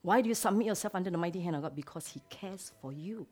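A woman pastor preaching a sermon. She drops to hushed whispers, then rises to loud exclamations. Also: fairly low pitch, fast talker, slightly rough.

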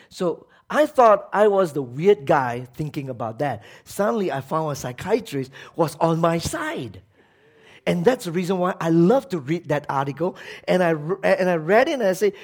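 Guy preaching a sermon, pretty high voice, punchy, keeps asking the crowd are you with me. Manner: emphatic, asks the crowd rhetorical questions, acts out quotes. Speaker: pastor.

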